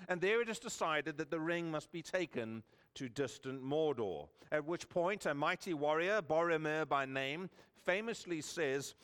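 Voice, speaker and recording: A man preaching a sermon, telling stories earnestly with dramatic pauses and repeated words. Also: on the high side, fairly bright tone, in a large hall.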